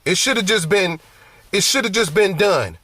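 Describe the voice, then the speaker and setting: High-voiced man telling a testimony. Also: moderate pace, husky, dry recording. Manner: animated, conversational, repeats and restarts phrases. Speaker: minister. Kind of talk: personal testimony storytelling.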